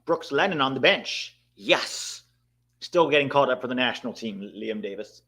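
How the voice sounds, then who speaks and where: A man hosting a live watchalong, reacting excitedly to the match and chatting to his viewers. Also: mid-range voice, normal speed. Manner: excitable, bursts out at big moments, talks to chat. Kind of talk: live match commentary and chat.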